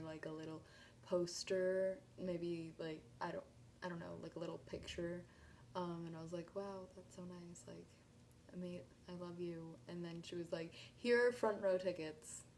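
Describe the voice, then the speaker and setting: Young woman vlogger, lower-pitched voice, gushing storytime energy, faint room noise behind. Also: fairly even intonation, moderate pace. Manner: gushing, breathless retelling with filler "like". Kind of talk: excited storytime vlog.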